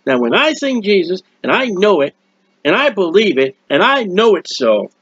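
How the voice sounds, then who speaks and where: A middle-aged man with a high voice delivers a fervent, rambling sermon from home, jumping between exclamations. The sound is dull and lo-fi, with a close, dry feel and no room echo. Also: very animated, moderate pace, a bit bright, breathy edge. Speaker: preacher of a hymn channel.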